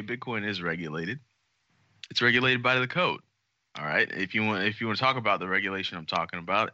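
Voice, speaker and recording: A low-voiced man chats on a podcast with lots of energy, joking, cussing and hamming up his points. His voice has a very bright, forward edge. The sound is dry and a little muffled. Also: no room sound. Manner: animated, jokey, swears freely. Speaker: podcast co-host. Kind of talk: casual podcast chat.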